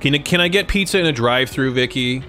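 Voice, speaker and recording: A man's voice: mid-range voice, lively intonation, fast, pushed and bright, soft background music. A young man chatting casually and profanely with his live-stream chat, rambling and joking. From United States.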